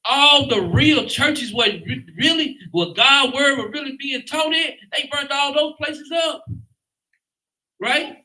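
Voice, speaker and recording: A man's voice: extremely high pitch, slow, sharp tone, low-quality recording. A man leading a Bible class in an emphatic preaching style, often asking "guess what" and ending lines with "man". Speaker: lead teacher.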